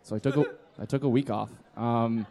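A man in his twenties takes the stage at a live comedy podcast to tell a rambling drunken story, doing impressions of his friends' voices. His mid-range voice is creaky and dark, with fairly even intonation and a slightly quick pace. The live audience can be heard laughing.

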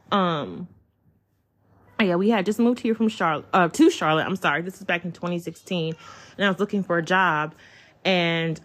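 A woman, hosting a podcast from home and telling a personal story in a chatty, excitable way. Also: on the low side. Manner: chatty, excitable, addresses listeners as y'all. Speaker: podcast host. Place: at home, child in the room.

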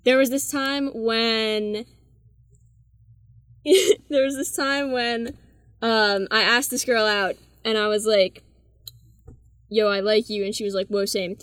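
A woman's voice: a little high, steady tone, slow, pauses often, a bit bright, no room sound. A laid-back young woman tells embarrassing stories in a loose, easy way. She is recorded close to the mic in a dry room. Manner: laid-back, says "bro" and "like" a lot. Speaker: interviewee. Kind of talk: casual storytelling.

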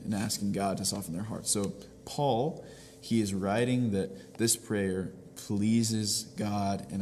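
A man's voice: lowish voice, a little mellow, long reverb tail, slight background noise. A man giving a church devotional, earnestly explaining a passage step by step, often restarting his phrases. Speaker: pastor. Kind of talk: devotional teaching.

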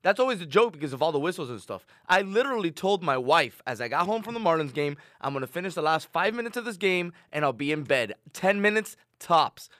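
A married man co-hosting a sports radio show, telling animated stories and throwing playful jabs. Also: fairly high pitch, fast, hardly any pauses, dry recording, clean studio sound. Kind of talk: casual studio banter.

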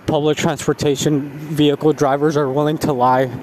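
A man venting in a casual storytime rant, swearing heavily and animated. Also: on the high side, moderate pace, slight background noise. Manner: heavy profanity, animated ranting with laughs. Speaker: vlogger.

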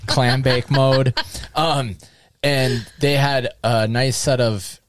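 A man's voice: mid-range voice, fairly even intonation, slow. A man on a casual podcast chat, telling a rambling, anecdotal story and acting out his friends' lines. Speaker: podcast co-host.

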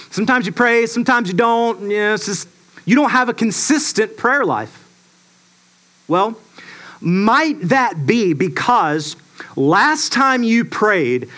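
A man preaching a sermon to a congregation, emphatic and lively, asking the audience rhetorical questions. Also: high voice. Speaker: pastor.

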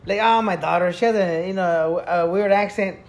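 A man's voice: sits high, fairly quick. A man in a casual chat among friends, chiming in with easygoing asides and apologizing for interrupting.

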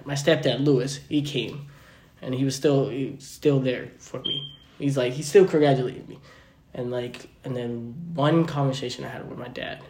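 This young podcast host chats casually, telling personal stories and playing both sides of every conversation he recounts. His voice is mid-range, creaky and a little mellow, and the room sounds roomy and echoey.

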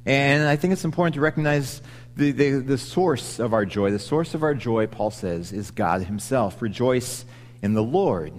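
A man's voice: mid-range voice, moderate pace. Man preaching in a reverberant hall. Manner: conversational, with frequent restarts and asides. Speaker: pastor. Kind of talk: sermon.

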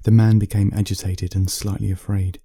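A man from the UK, an author reading his own bedtime story in a slow, steady way. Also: on the low side, slightly rough, no echo, studio quality.

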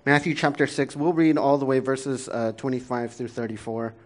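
In a mid-range voice at normal speed, a man in his thirties preaches as a pastor, keeping the sermon conversational and self-deprecating, with frequent laughter and fillers.

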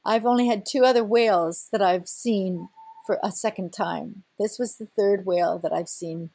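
A middle-aged woman, a whale researcher, telling an animated story, laughing often and acting out voices. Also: medium pitch, normal speed, creaky, dry recording. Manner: lively, excited, laughs often, acts out quoted voices. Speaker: whale researcher and boat operator.

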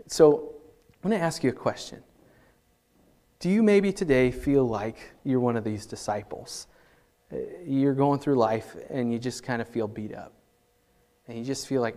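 A man preaching an earnest Easter sermon as pastor at a church service, lifting his voice for scripture and dropping low for personal appeals. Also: normal speed. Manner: earnest, rises for scripture and drops soft for appeals.

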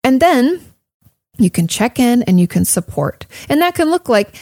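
A woman's voice: on the high side, big pitch swings, normal speed, darkish tone, no echo, studio quality. A woman therapist answering listener questions in a casual, conversational way, often saying "like" and "um" and repeating her points for emphasis. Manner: conversational, frequent "like" and "um", emphatic repetition. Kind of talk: casual advice talk.

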